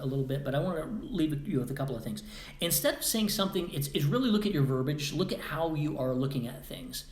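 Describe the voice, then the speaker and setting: A man hosting a podcast, giving a casual motivational monologue with rambling asides and acted-out quotes. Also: mid-range voice. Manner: animated, acts out quoted voices, rambling asides. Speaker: podcast host. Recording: roomy echo.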